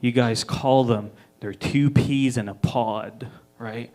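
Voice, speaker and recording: A man's voice: mid-range voice, steady tone, slow, a little mellow. A man from Egypt doing a live stand-up set on a comedy club stage, chatty and crude, checking in with the crowd. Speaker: stand-up comic.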